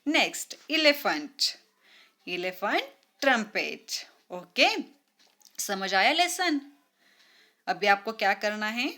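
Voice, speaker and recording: A woman teaching a grammar lesson to young children, slow and deliberate, repeating words and mimicking animal sounds. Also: mid-range voice, sing-song, bright, forceful tone.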